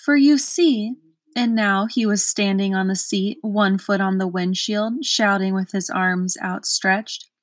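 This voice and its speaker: A woman reading a children's storybook aloud in a measured, expressive way. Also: medium pitch, no room sound. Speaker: storybook reader.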